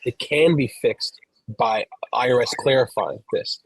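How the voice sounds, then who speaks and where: A man's voice: mid-range voice, measured pace, husky, no echo, poor audio. A man co-hosting a podcast, explaining a topic at length in casual chat, walking through examples and often restarting his sentences. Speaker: podcast co-host, professional gambler.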